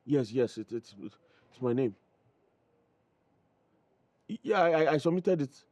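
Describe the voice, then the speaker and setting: A man playing a stammering, excitable young jobseeker. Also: medium pitch, a little slow, no room sound, close to an everyday voice. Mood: grateful. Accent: Nigerian English. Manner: stammering, effusive, slips into pidgin. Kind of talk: film drama acting.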